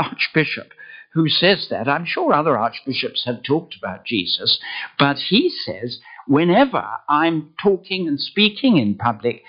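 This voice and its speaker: An older man delivers a sermon at an unhurried pace, leaning on key words. His voice sits a little high and swings widely in pitch. The recording is muffled and lo-fi. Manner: slow, emphatic, with lively swings of pitch. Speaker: preacher.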